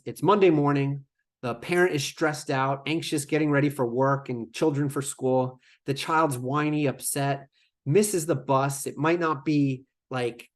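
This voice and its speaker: A man presenting a webinar lecture in a conversational way, with fillers and asides to the audience. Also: mid-range voice. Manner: conversational, with fillers and acted-out quotes. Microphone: remote webinar microphone.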